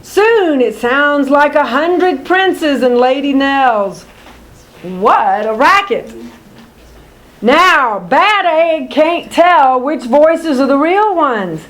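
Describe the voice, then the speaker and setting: Slow, high-voiced woman reading a picture book. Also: expressive, a bit bright. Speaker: narrator. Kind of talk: children's picture-book read-aloud.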